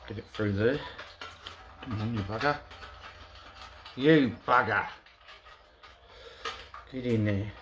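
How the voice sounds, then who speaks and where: A man's voice: fairly low pitch, takes it slowly, pauses often, a bit bright, poor audio. A man chatting casually to camera, muttering to his work as he welds in his garage. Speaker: garage vlogger welding a pickup. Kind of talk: casual workshop chat to camera.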